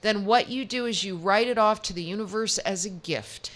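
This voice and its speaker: A woman's voice: medium pitch, moderate pace, a bit bright. A woman giving a tarot reading as a show guest, chatty and reassuring, often restarting her sentences. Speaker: psychic reader.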